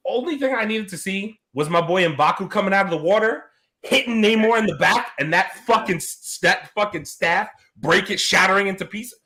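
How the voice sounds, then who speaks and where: A man co-hosting a casual podcast. He talks in an animated, laughing way, and his voice is bright and swings through a wide pitch range. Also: normal speed. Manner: animated, laughs often, lively storytelling. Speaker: podcast co-host.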